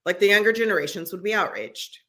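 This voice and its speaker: A middle-aged woman co-hosts a podcast, speaking quickly in a mid-range, slightly bright voice. She talks earnestly in casual conversation, frequently restarting her sentences.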